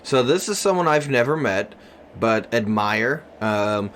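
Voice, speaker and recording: A man's voice: medium pitch, lively intonation, measured pace, a bit bright, a little hiss or hum. A man in his thirties co-hosting a podcast, chatting casually and joking, rambling with lots of fillers. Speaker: podcast co-host. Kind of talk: casual chat.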